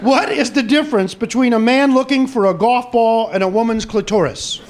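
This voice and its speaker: A man doing stand-up, telling joke after joke at a brisk pace and shouting the punchlines in character. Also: very high voice, crowd noise. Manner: brisk punchline delivery, voices shouted golfer lines. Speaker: stand-up comedian.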